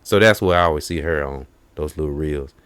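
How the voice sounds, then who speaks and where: A man hosting a casual chat, retelling comedians' jokes and breaking into high put-on voices for the punchlines. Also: fairly quick, a bit bright, smooth. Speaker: host.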